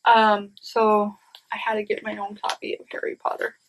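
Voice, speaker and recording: A woman in her thirties at home, talking through a pile of new books in a loose, rambling way. Her voice sits at an ordinary middle pitch, and she keeps turning to her viewers with chatty asides. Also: monotone, normal speed, noisy background. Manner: chatty and rambling, addresses viewers as "you guys". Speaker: book vlogger. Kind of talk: casual book haul chat.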